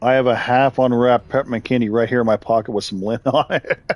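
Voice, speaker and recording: A man's voice: mid-range voice, steady tone, quick pace, muffled recording. A man hosting a live game stream, chatting casually with viewers, rambling and laughing often as he reacts to their messages. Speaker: live-stream gamer host.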